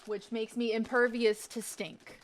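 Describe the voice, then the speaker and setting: A woman's voice: fairly high pitch, flat delivery, a little slow, a little hiss or hum. Chatty woman streamer tasting snacks. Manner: chatty and self-mocking, with frequent swearing. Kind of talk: casual chat while taste-testing snacks.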